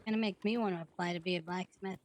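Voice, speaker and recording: A woman's voice: fairly low pitch, fairly even intonation, fast. A woman streamer chatting casually during a roleplay game, easygoing and trailing off mid-sentence.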